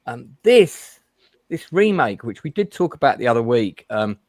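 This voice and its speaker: A man hosting a casual chat show, blunt and animated, with plenty of ums and restarts. His voice sits at an ordinary middle pitch and is recorded close and dry, with no room sound. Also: moderate pace, no room sound. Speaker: host.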